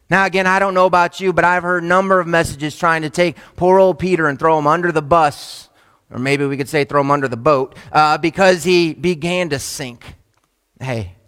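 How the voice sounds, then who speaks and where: A male pastor preaching a sermon to a video audience, swinging between loud emphatic lines and hushed, soft asides. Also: on the high side, in a large hall.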